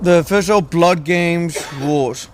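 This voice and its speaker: A man reading a list of rules aloud on camera, halting and stumbling over words. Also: on the high side, over music.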